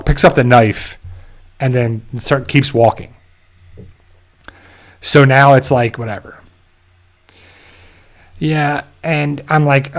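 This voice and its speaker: A man in the middle pitch range hosts a casual live-stream recap of a TV episode. He rambles, digresses and circles back over the same points in loose, chatty sentences. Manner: rambling, digressive, repeats himself. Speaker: channel host.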